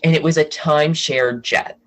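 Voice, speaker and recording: Man, podcast guest, casual gossip, animated storyteller, fairly high voice. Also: moderate pace, low-quality recording. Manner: animated storyteller, acts out quotes.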